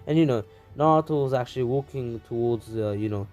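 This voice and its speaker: A man's voice: mid-range voice, a little fast, a little mellow, muffled recording, soft background music. A man casually narrating a fan story, rambling with many fillers.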